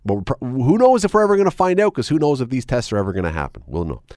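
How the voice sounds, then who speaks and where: A man's voice: mid-range voice, sing-song, very fast, a little mellow, no room sound, clean studio sound. A man hosting a radio talk show, chatting wryly and reading items aloud with sarcastic asides. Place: radio studio. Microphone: studio microphone.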